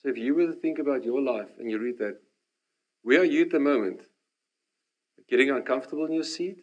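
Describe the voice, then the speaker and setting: A man, preaching a sermon and telling his own story, animated in the dramatic parts and hushed in the reflective ones. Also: mid-range voice, brisk, lo-fi sound. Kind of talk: sermon with personal testimony.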